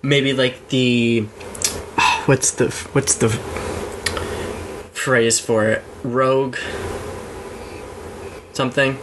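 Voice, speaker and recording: A man's voice: medium pitch, flat delivery, drawn-out words, long pauses, background noise. A man co-hosting a podcast in casual chat, rambling and searching for words. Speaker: podcast co-host.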